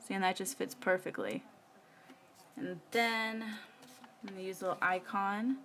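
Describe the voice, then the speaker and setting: A woman's voice: medium pitch, fairly even intonation, measured pace, a bit bright, slight background noise. A woman, chatting casually while she works on her planner during a live stream, rambling with many fillers. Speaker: planner vlogger. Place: home.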